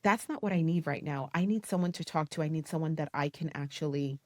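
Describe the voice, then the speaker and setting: A woman, low in pitch, chatting as a podcast co-host. She tells stories in an animated, casual way and leans on "like" and "you know." The sound is close and dry. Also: quick pace, no echo. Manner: animated storytelling, many "you know" and "like" fillers. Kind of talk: casual conversational interview.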